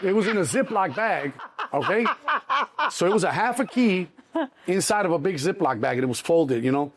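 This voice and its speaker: A middle-aged man with a Chicago accent, telling a story in an interview, animated and swearing freely, acting out the other voices. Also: high voice, moderate pace, slight background noise. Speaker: interview guest. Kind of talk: casual storytelling.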